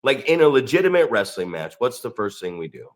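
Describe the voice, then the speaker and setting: A man co-hosting a podcast, ranting profanely with animated mocking asides. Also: medium pitch, a little fast. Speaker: podcast co-host. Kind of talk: casual podcast rant.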